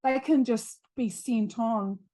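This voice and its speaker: Slow-talking New Zealand woman storyteller. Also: fairly high pitch, mellow. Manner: earnest, repeats phrases for emphasis. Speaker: podcast guest, medium. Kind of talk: storytelling in an interview.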